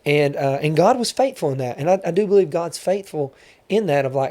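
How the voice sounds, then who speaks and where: A man's voice: a little high, expressive, a little fast, dark tone. A man hosting a podcast, talking earnestly, repeating key points and checking in with "right?". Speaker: podcast host. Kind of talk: casual interview conversation.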